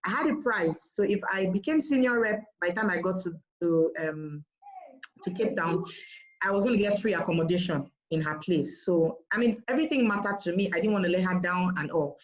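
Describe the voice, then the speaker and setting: A woman telling her business story in a lively storytelling manner, often acting out what others said in a raised voice. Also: fairly low pitch, a little fast. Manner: animated, quotes others in raised voice. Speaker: marketing director sharing her business story. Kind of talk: storytelling talk. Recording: dull lo-fi sound.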